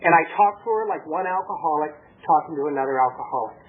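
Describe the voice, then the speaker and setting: A man tells his own story at a recovery meeting in a lively testimony, acting out the voices of the people he quotes. His voice sits fairly high for a man. The recording is a tinny, phone-like tape with a faint hiss underneath. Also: quick pace. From Southern California. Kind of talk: personal testimony.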